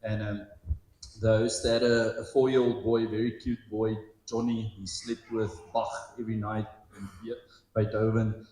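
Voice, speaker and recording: A man tells a story from a tour at a retreat in a casual, halting way, with many pauses. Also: on the low side, little pitch movement, warm tone, a little hiss or hum. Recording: echoey room.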